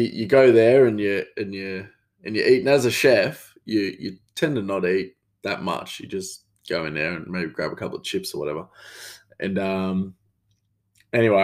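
Aussie chef guy rambling through kitchen stories, lots of ums and chuckles, bit tired, lowish voice. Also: a little mellow. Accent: Australian. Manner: rambling with fillers, frequent chuckles. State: tired, yawning. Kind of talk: casual storytelling monologue.

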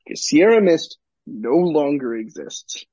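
A man co-hosting a podcast, an animated storyteller in casual chat who swears freely. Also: a little high, unhurried, no room sound, muffled recording. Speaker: podcast co-host.

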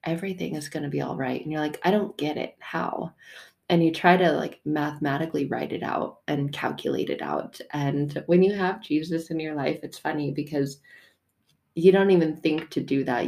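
A woman's voice: sits low, gravelly, darkish tone. A woman hosting a casual faith podcast, talking candidly and animatedly, swearing freely and laughing often. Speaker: podcast host.

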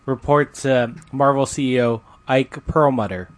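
A man talking in a mid-pitched, easygoing voice on a casual podcast. He recounts news in loose bits, filling gaps with um. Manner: relaxed, fills pauses with um while recounting news. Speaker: podcast co-host. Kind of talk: casual chat.

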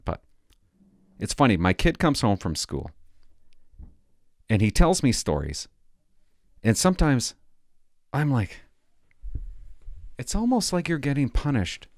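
A middle-aged man doing stand-up comedy, sarcastic and mock-outraged, swinging between loud outbursts and muttered asides. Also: medium pitch, no echo, clean studio sound. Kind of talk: stand-up comedy with ironic reading.

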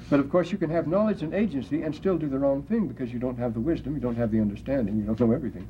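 A man lecturing in a classroom, mid-pitched and discursive, reading scripture aloud and wandering into asides and corrections. The recording is dull and lo-fi, with a faint hiss underneath. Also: racing, few pauses. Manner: discursive, many restarts and asides, reads passages aloud.

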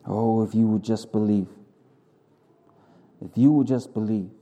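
A pastor speaking as God, pleading with his people in a low, earnest voice. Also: fairly even intonation, a little slow, warm tone.

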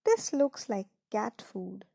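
A woman's voice: medium pitch, sing-song, slow, creaky, dark tone, breathy edge, no room sound, exaggerated voice. A woman voicing a scruffy young male farm dog in a read-aloud storybook, with a dry sound. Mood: miserable.

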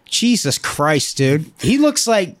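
A man's voice: on the high side, very animated, slow, over loud music. A man hosting a podcast in casual chat, rambling and swearing a lot, often breaking into laughter. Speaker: podcast host.

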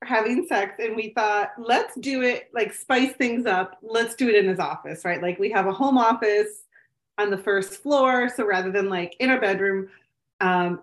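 A woman in her thirties, a podcast co-host, telling a story in casual chat with a rambling, animated delivery full of fillers. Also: on the high side. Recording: echoey room.

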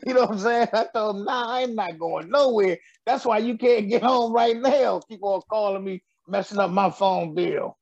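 Gravelly joking comedian, quick laughs. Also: male voice, sits high, steady tone, darkish tone, dry recording, dull audio. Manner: laughs often, loose storytelling delivery. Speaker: comedian guest. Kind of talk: joking radio interview chat.

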